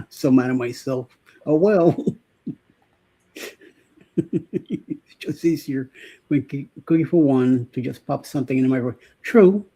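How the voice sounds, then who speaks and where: A man's voice: medium pitch, unhurried, long pauses, mellow, slightly rough. A man co-hosting a casual morning live show, joking and rambling with lots of fillers and laughter. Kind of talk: casual live-stream chat.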